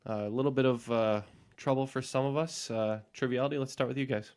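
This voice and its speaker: Relaxed man hosting a trivia quiz. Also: medium pitch, brisk, clean tone. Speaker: quiz host. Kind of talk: casual podcast trivia hosting.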